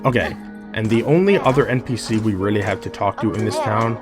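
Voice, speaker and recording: A man's voice: on the low side, fairly quick. A man casually commenting on a video game, joking and exasperated as he talks to the characters. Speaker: gaming video host. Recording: loud game music and chorus behind voice.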